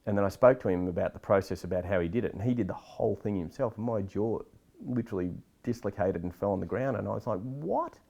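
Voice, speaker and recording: A middle-aged man gives a casual interview in a very deep, low voice. He talks bluntly, swears now and then and gets animated when he makes a point. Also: fast, creaky, lo-fi sound. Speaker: filmmaker guest.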